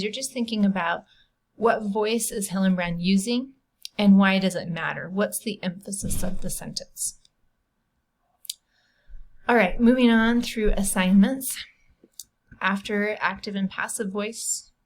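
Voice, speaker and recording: Middle-aged lady teacher doing an online lesson, patient, goes step by step, chatty little asides. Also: mid-range voice. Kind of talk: recorded online lesson with screen share.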